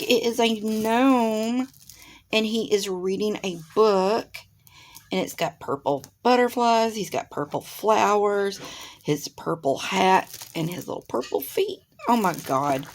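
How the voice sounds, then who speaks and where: Her mid-range voice comes with a little hiss or hum. At a desk beside a window in her home, this craft channel host unboxes supplies and chats with her viewers, exclaiming and gushing as she goes.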